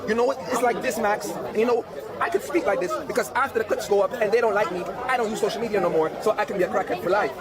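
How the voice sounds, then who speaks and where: Preachy ranting man over loud crowd. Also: high voice, brisk. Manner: preachy, repetitive, mocking. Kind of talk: lecturing rant.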